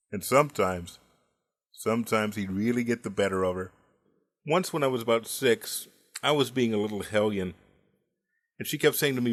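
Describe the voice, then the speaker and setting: A man's voice: medium pitch, animated, moderate pace. A man in his forties telling comic family stories in a dry, wry way, timing his punchlines. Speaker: storyteller. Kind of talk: comedic storytelling monologue.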